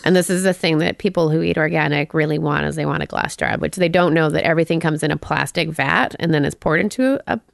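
Podcast host: woman from Canada, gravelly low voice, dry close sound, chatty storyteller. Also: fast talker, few pauses, dry recording. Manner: storytelling, animated quoted voices, swears casually. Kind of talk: casual chat.

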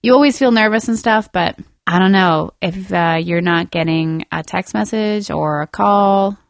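A woman's voice: mid-range voice, unhurried, vocal fry, no echo, studio quality. A young woman co-hosting a comedy podcast, joking and laughing in the middle of her sentences. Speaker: podcast co-host. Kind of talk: casual comedy podcast chat.

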